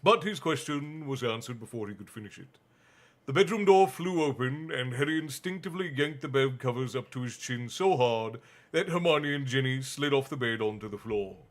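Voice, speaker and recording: A man's voice: mid-range voice, normal speed. Laid-back guy reading a bedtime story on stream, chats with viewers between pages. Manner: relaxed, chatty, answers the chat aloud. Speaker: stream host and reader. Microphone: streaming mic.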